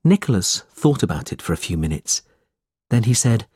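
A man narrating a storybook in a slow, expressive reading style. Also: on the low side, husky, no echo, clean studio sound.

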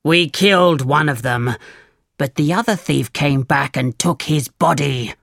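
A reader doing a gravelly, stern thief leader. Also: medium pitch, a little slow, no room sound, clean studio sound. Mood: commanding. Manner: stern, shouted commands. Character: angry commanding male leader of a band of thieves. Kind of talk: storybook reading.

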